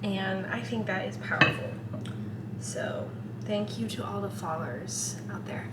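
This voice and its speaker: A woman's voice: medium pitch, a little slow. A young woman vlogging in a casual diary style, chatty and earnest, rambling with lots of "like". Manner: chatty, rambling, fills talk with "like"; earnest, heartfelt. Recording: loud background noise.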